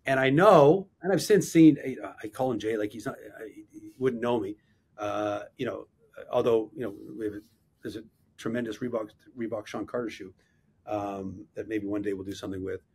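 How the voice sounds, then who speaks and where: Husky man telling stories. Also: fairly low pitch, normal speed. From Canada. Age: 50s. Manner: animated storyteller, self-deprecating. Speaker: guest, marketing executive. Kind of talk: anecdotal interview storytelling.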